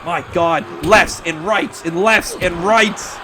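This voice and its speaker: A man calling wrestling play-by-play, excitable and breaking into shouts at near-falls. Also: high voice, slow pace, crowd noise. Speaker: wrestling commentator. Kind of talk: play-by-play commentary.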